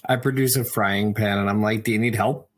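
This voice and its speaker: A player in a tabletop game, joking in a deadpan way. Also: mid-range voice, a little fast, slightly rough. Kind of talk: casual tabletop play.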